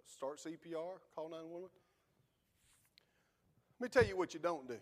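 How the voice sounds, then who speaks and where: A man's voice: fairly high pitch, moderate pace, a little hiss or hum. A man preaching a sermon in a church, fervent and folksy. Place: church sanctuary.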